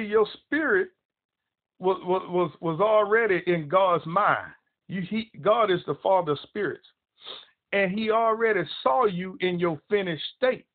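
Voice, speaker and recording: A man preaching a broadcast sermon, emphatic and repetitive as he quotes scripture. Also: high voice. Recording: tinny phone-line audio.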